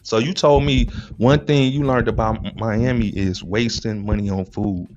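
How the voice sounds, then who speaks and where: A man's voice: fairly low pitch, steady tone, moderate pace, a little mellow, dull audio. A young man hosts a casual live stream. His talk is loose, slangy and teasing, with faint music underneath. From United States. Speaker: host.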